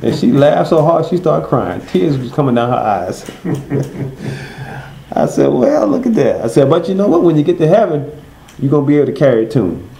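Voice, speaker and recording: A man teaching a Bible study. He asks his listeners questions and answers them himself, and he reads scripture slowly, stressing each word. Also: on the high side, big pitch swings, creaky, dark tone, roomy sound, a little hiss or hum, low-quality recording.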